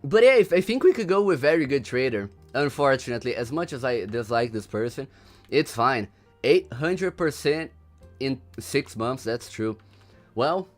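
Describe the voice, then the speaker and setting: A young man from Brazil with a Brazilian accent, hosting a casual livestream, laughing often and repeating himself in slangy chatter. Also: mid-range voice. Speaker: livestream host.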